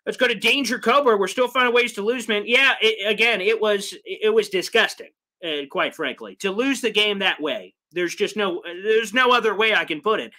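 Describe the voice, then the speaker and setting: A man hosting a live sports fan recap, reading viewer comments in an animated, rambling way, his voice strained from yelling. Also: sits high, moderate pace. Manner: animated, rambling, mock voices for quoted people. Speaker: sports fan show host.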